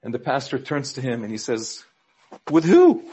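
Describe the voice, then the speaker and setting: A man preaching a sermon, telling jokes in a storytelling way and acting out the quoted characters with rises in pitch. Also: steady tone, a little fast, breathy edge. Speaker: pastor.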